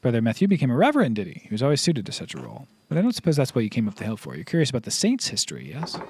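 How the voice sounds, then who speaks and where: A man's voice: mid-range voice, wildly swooping pitch, very fast, darkish tone, slightly rough, full character voice. A man reading aloud as a kindly but firm older nun in a game. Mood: measured. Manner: read aloud from on-screen game text.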